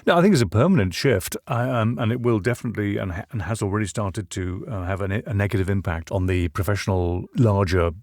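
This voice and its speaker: Low-voiced, measured male voiceover veteran. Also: darkish tone, no echo, studio quality. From Northern Ireland. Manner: articulate, measured, with occasional restarts. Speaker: voiceover artist, guest. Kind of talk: reflective interview conversation.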